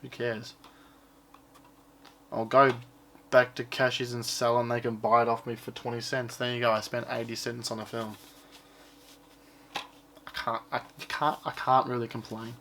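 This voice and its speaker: A man's voice: medium pitch, level tone, normal speed, sharp tone, a little hiss or hum. A man chatting casually as he shows off his purchases, rambling and offhand and swearing now and then. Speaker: collector showing his purchases. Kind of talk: casual unboxing chat.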